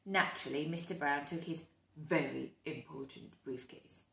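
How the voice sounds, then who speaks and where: A woman reading a picture book aloud to children, animated, with hushed whispered asides to her young listeners. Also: low voice, normal speed, creaky. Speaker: storyteller. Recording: echoey room.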